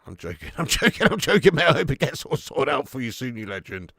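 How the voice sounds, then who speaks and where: An excitable man doing live fan commentary on a football match, swearing freely and chatting to viewers between plays. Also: medium pitch, fast talker, creaky, breathy edge, no echo, studio quality. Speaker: fan watch-along commentator.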